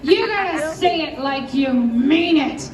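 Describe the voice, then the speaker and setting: A woman emceeing a rally, hyping the crowd with energetic call-and-response chants. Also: high-pitched, slow, roomy sound, distant mic, rough recording. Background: crowd noise.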